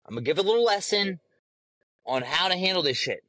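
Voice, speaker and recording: Male host, heated profane rant, a bit high-pitched, dry close sound. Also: lively intonation, fast talker, sharp tone, no room sound. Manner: heated, profane, emphatic, repeats phrases. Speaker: podcast host.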